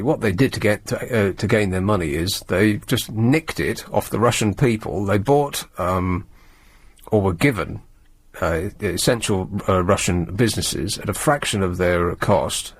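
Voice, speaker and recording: A man's voice: lowish voice, slightly rough, no echo. Sardonic man rambling on the radio. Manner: dry, sardonic, rambling with many fillers. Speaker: radio host. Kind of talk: late-night radio chat and news commentary.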